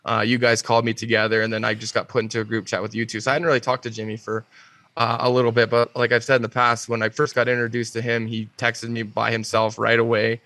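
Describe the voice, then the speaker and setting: A man speaking earnestly and reflectively in casual chat, pausing often with fillers. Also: medium pitch, completely flat delivery, bright, forceful tone, dry recording.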